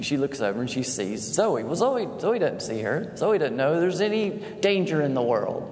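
A man in his fifties preaching a sermon as a pastor, a folksy, animated storyteller. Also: a little high, moderate pace, hardly any pauses, a little hiss or hum. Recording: echoey hall with faint ambience.

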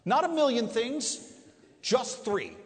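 A man's voice: very high voice, huge pitch swings, slow. A man preaching to a live audience, emphatic, leaning on rhetorical questions and stretching key words for weight. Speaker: pro-life speaker. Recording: echoey hall, long reverb.

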